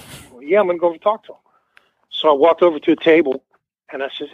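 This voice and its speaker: A man with a slightly high voice talks very fast, with no room sound, over a tinny, dry phone line. He's a musician guest in an interview, spinning a rambling, casual anecdote and acting out the quoted dialogue.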